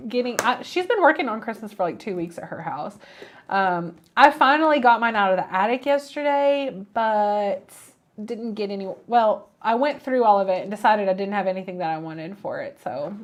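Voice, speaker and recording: A woman in her thirties co-hosts a craft show, chatting casually and telling family stories while laughing often. Her voice is medium in pitch, with lively intonation and a moderate pace.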